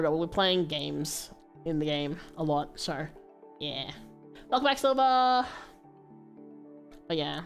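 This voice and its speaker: A woman with a low voice rambling casually to her viewers during a livestream, with fillers and laughs. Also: fairly bright tone. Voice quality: low-pitched voice.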